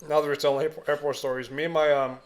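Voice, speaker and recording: A man's voice: fairly high pitch, flat delivery, racing. A podcast co-host from Bulgaria, talking in easygoing casual chat. He rambles and restarts his sentences, uses plenty of fillers, and laughs along as he recaps the plot.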